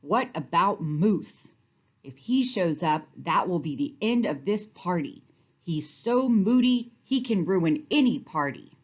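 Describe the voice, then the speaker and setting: A woman's voice: lowish voice, animated, slow pace, breathy edge, lo-fi sound, exaggerated voice. A woman voicing a gloomy, complaining male alligator who blames everyone, in a storybook read-aloud. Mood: grumbling. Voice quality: whiny, complaining.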